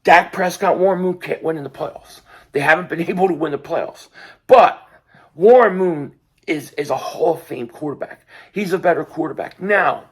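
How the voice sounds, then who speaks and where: Hoarse male sports vlogger, slightly high voice, opinionated, rambling delivery. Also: moderate pace. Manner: opinionated, rambling with restarts and fillers. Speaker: sports channel host. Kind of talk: casual sports commentary vlog.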